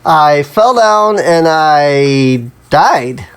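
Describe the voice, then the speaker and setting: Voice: mid-range voice, animated, extremely slow, slight background noise. A let's play host giving casual, chatty gameplay commentary, self-amused, breaking into sudden yelps at mishaps.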